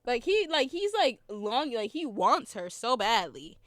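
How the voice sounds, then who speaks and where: Young female podcast host, high bright voice, dry close sound, rambling and giggly, slight sore throat. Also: very animated, a little slow, no room sound. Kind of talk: casual film review chat.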